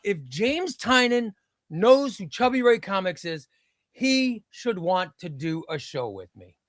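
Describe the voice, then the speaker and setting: A man's voice: high voice, very animated, slow, fairly bright tone, dry recording, studio quality. A man hosting a live stream, chatting about comics, reading chat aloud and repeating himself.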